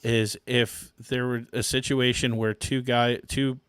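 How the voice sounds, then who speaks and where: A man who is a pastor, guesting on a podcast and explaining his view step by step in a measured way. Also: mid-range voice, flat delivery, fairly bright tone, smooth, no room sound. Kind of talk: casual theology discussion.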